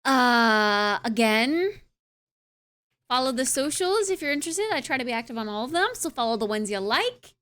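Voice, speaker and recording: A woman's voice: a little high, very animated, moderate pace, a bit bright, clear, resonant tone. A young woman streamer wrapping up her live stream in casual, rambling chat, with lots of filler sounds and playful asides. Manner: playful, tries out accents.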